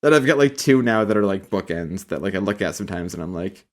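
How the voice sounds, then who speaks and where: Man, lowish voice, casual rambling podcast chat, laughs a lot, swears casually. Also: animated, fast talker, noisy background. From New England. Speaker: podcast co-host.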